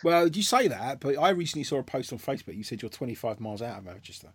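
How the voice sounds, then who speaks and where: A man's voice: mid-range voice, sing-song, fast talker, breathy edge, no echo. A man with a London accent hosting a casual podcast chat, jokey and playful with voices. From England. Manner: jokey, breaks into put-on posh and cockney voices. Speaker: podcast host.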